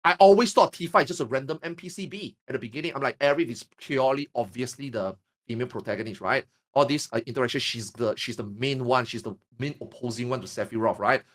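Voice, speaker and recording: A man from Singapore in casual podcast chat, telling stories in an animated, profane, emphatic way. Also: medium pitch, fast.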